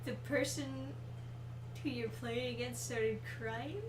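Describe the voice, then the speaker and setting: A woman's voice: a little high, steady tone, a little slow, slight background noise. A woman co-hosting a gaming video, reacting with disbelief to a friend's story. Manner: incredulous, reactive interjections. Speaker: gaming channel co-host. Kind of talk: casual chat reacting.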